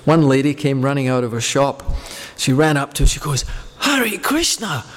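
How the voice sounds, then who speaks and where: A man's voice: mid-range voice, level tone, a little fast, big-room sound. A man leading a devotional group, talking informally and telling rambling anecdotes between questions. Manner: rambling, anecdotal, warm storytelling.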